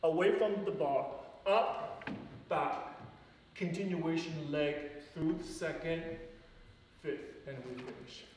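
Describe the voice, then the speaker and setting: Calling steps and counts slowly in a slightly high voice, this ballet teacher is chatty and encouraging, slipping short laughs in between. A distant room mic captures him in a large, echoey studio with slight background noise.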